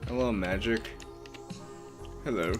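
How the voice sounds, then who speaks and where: A man's voice: lowish voice, slow pace, music in the background. A man voicing a dismissive male character, with a clumsy put-on British accent and a curt, brushing-off manner. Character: dismissive male character shooing visitors away.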